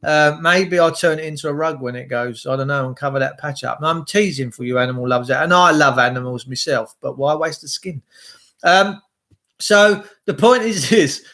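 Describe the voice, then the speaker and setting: This is a man with a fairly high voice, chatting on a live stream in a loose, meandering way. He greets viewers one by one, swears freely and wanders off on tangents as he reads their comments. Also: moderate pace, fairly bright tone. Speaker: livestream host. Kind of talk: rambling live-stream chat.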